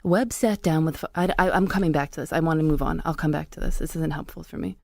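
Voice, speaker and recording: A woman's voice: low voice, fast, gravelly, no echo, studio quality. A woman who hosts a podcast, telling a self-mocking anecdote about recording narration. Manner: animated, self-mocking storytelling. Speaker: podcast host.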